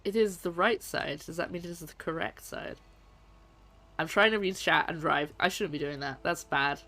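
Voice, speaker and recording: With a deep, sharp-toned voice at normal speed, this woman streams a game and talks to her chat in a casual, self-mocking way. Faint game music plays in the background.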